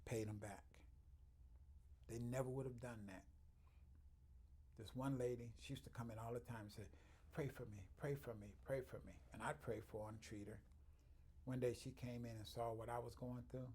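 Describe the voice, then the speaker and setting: A chiropractor telling stories in an interview, acting out other people's voices and swinging from quiet to loud. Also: male voice, medium pitch, flat delivery, normal speed, pauses often, slight background noise. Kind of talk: storytelling interview.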